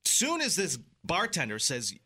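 A man's voice: on the high side, a little slow, slightly rough, no echo. A man in casual chat, animatedly telling a story and acting out the people in it. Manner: animated, acts out other people's voices in his stories.

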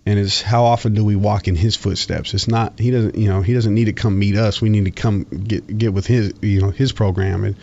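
Gravelly low-voiced man telling stories. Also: steady tone, a little fast, few pauses, a little mellow. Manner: rambling, many fillers and restarts. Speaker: former football player, guest. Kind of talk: casual storytelling interview. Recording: dull lo-fi sound.

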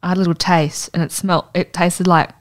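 A woman's voice: fairly low pitch, fairly quick. A young adult woman with an Australian accent, co-hosting a podcast in casual chat, telling stories bluntly with plenty of swearing. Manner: blunt, sweary, animated storyteller. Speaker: podcast co-host.

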